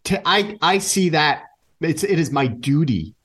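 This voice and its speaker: A man's voice: a little high, a little slow. A man who is a guest author and speaker, telling stories with energy in a podcast interview. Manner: energetic, enthusiastic storyteller.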